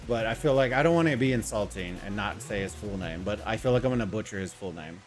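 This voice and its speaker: A man's voice: on the low side, expressive, fast talker. A man hosting a casual gaming livestream, talking loosely, rambling and greeting viewers from chat, with faint music behind him. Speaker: livestream host. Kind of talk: casual gaming stream commentary.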